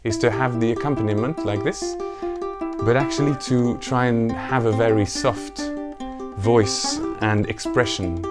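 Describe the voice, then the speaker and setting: A man teaching a ukulele song, counting beats aloud and explaining the plucking pattern in a relaxed, casual way. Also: mid-range voice, measured pace. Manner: counts beats aloud and sings lines softly. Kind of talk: music tutorial with counting and singing. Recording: ukulele music under the voice. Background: ukulele playing.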